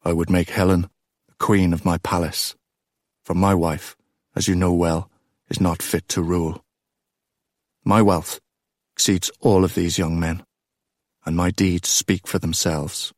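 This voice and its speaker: A man's voice: sits low, flat delivery, unhurried, pauses often, no echo, clean studio sound. A man doing a blunt, boastful king. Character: boastful, proud middle-aged king.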